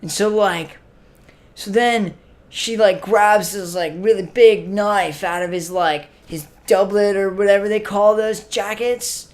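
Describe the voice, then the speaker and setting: Keeping a steady tone and measured pace in a high voice, an actor portrays a spaced-out, clueless young stoner who runs a comic web show. The mood is laid-back as he drawls a filler-packed comedy monologue, sticking "man" onto his phrases.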